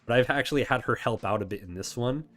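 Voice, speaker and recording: A man's voice: mid-range voice, fast talker, fairly bright tone, faint music behind. A man hosting a casual chat, answering viewer questions in a rambling, self-correcting way and laughing often.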